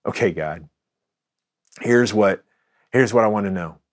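A man's voice: fairly low pitch, a little slow, no room sound, studio quality. Man preaching a conversational sermon. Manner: conversational preaching with frequent restarts and "right?" asides. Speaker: pastor.

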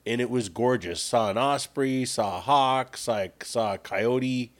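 A man's voice: medium pitch, measured pace. An easygoing man talks casually on a podcast in a mid-range voice. He often stumbles over repeated words and agrees readily.

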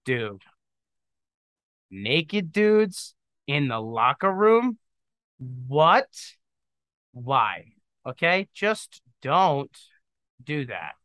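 A man hosts a solo podcast, rambling through jokey opinions and often saying "dude". His voice is bright and clean. It is recorded dry and close. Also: mid-range voice, big pitch swings, very slow, pauses often, no room sound. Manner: trails off into mumbling asides. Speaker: podcast host. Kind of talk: casual solo monologue.

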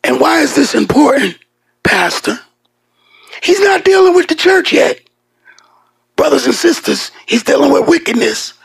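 Man, pastor, sermon, very high voice, gravelly, emphatic, hushed to shouting, stretches key words. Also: big pitch swings, a little slow, long pauses. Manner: casual, joking asides to the congregation.

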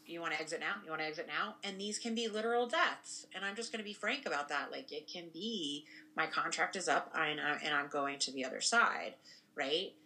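Podcast co-host, young woman, low pitch, rambling casual talk full of tag questions. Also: moderate pace, sharp tone, poor audio. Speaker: podcast co-host and spiritual practitioner. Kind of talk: casual conversation.

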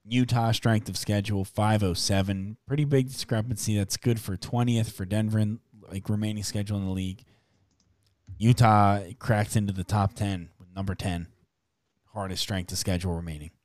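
A man hosting a sports betting podcast, chatting casually and briskly reeling off odds and numbers. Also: fairly low pitch, fairly even intonation, a little mellow, no echo, studio quality.

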